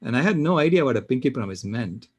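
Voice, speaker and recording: An older man on a panel, telling a personal story with animated, emphatic delivery. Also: medium pitch, quick pace, slightly rough, dry recording. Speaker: panel speaker.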